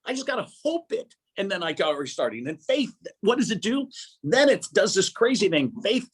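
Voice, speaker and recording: A man telling lively faith stories in a casual talk, with an excitable manner, acting out the voices he quotes. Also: high voice, normal speed, slightly rough. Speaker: guest speaker.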